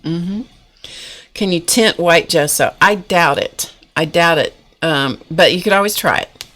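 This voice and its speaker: Her voice is fairly low, animated and a bit bright, with an unhurried pace. She hosts a casual art live stream from her home desk, chatting folksily with viewers as she demonstrates. A camera mic on the desk records her.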